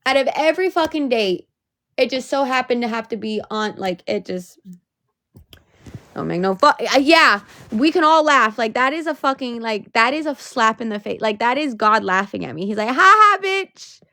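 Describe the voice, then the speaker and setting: A woman's voice: fairly high pitch, normal speed, fairly bright tone, dry recording, studio quality. A young woman venting on a casual livestream, emotional and swearing, rising into exasperated outbursts.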